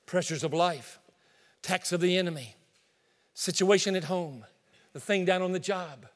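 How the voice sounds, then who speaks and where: A pastor delivers a sermon in a high-pitched voice, telling an animated story and acting out little asides as he goes. His voice rings with the long reverb of a church sanctuary. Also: moderate pace.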